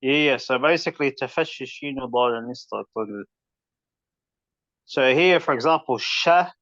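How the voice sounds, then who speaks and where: A man's voice: mid-range voice, a bit bright, no echo. Man, recitation teacher, casual explaining, demonstrates sounds, dull dry recording. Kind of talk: informal tajweed lesson.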